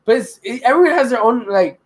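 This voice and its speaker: A man's voice: very high-pitched, expressive, fast talker. A young man co-hosting a beer podcast, joking around, laughing often and swearing casually. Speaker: podcast co-host. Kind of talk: casual chat.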